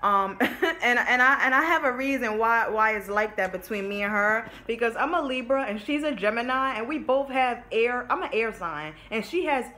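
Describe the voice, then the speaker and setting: A woman's voice: a little high, lively intonation, normal speed, sharp tone, slight background noise. Emotional young woman telling a story. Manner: emotional, candid, swearing, talks straight to viewers. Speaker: vlogger. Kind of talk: casual storytime vlog.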